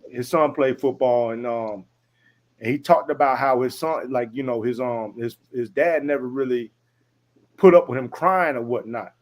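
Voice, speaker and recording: A man's voice: mid-range voice, normal speed. A man talking on a casual panel, thinking aloud with lots of "you know what I mean.". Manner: conversational, many fillers, asks the others. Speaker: panel guest.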